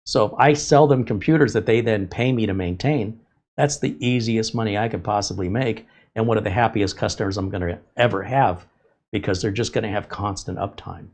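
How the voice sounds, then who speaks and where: Low-voiced man, candid livestream host. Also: brisk, a little mellow. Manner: candid, emphatic, self-critical rambling. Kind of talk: casual livestream talk.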